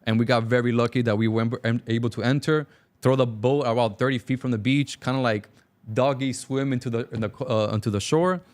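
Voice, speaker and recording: A young man from Cuba telling his life story as a talk-show guest, animated and acting out dialogue. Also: medium pitch. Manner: fast, animated, acts out dialogue. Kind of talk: casual storytelling.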